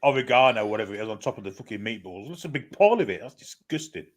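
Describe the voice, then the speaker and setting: A man's voice: on the low side, animated, racing. A man co-hosting, blunt and sweary, cracking mocking jokes in casual banter. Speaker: co-host.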